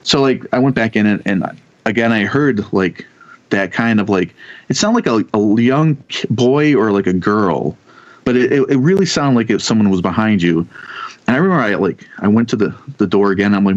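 Rambling man telling a story, lo-fi. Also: lowish voice. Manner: rambling, halting with many restarts, swears casually. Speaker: podcast guest telling ghost stories. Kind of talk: casual storytelling. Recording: dull lo-fi sound.

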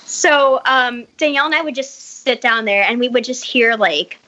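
A woman's voice: a little high, normal speed, pushed and bright, dull audio. A woman telling a story in casual chat over a video call, rambling and full of likes and restarts. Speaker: podcast guest telling a story.

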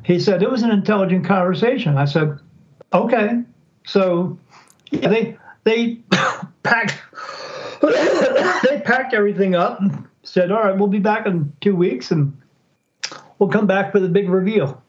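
Here a psychic, guesting on a casual podcast interview, tells a story at a measured pace with long pauses. His voice is high-pitched, the recording's highs are cut off, and he animatedly acts out quoted speech in shifting voices.

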